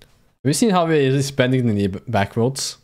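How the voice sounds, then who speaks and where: A man's voice: medium pitch, animated, moderate pace, a little mellow. A man casually commenting on a visual novel as he plays, joking around and swearing freely. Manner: swears freely and jokes around, reacting to the game. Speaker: streamer playing a visual novel. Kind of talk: casual let's-play commentary and reading game lines aloud.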